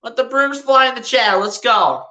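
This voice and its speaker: A woman's voice: fairly high pitch, lively intonation, normal speed, pushed and bright. A woman streaming live play-by-play as a fan, calling plays and trash-talking rivals, laughing often. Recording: roomy echo.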